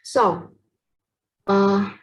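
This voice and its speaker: A young woman with a Vietnamese accent presents a poetry lesson at a slow, careful pace. She is hesitant, pausing on fillers and stopping to correct herself, and her pitch sits mid-range. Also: fairly even intonation, low-quality recording.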